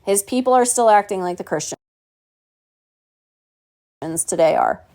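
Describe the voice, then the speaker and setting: A woman's voice: mid-range voice, expressive, measured pace, dark tone. A woman teaching a Bible study in a preachy, mocking tone, asking rhetorical questions and reading scripture aloud. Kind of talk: home Bible study sermon.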